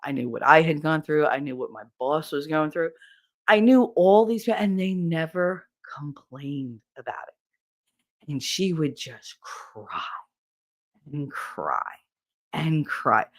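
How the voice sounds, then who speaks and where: A woman hosting a podcast, telling a story in a blunt, profane, animated way from her home office. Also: low voice, slow. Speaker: podcast host. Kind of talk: casual storytelling.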